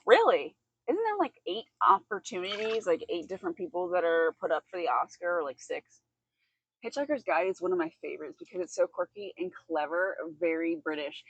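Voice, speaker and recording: A woman's voice: lowish voice, animated, a little fast, breathy edge, dry recording, muffled recording. A woman livestreaming from an outdoor hot tub, chatting casually with her audience and giggling often. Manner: chatty and giggly, reacting to chat. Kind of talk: casual chat with a live audience.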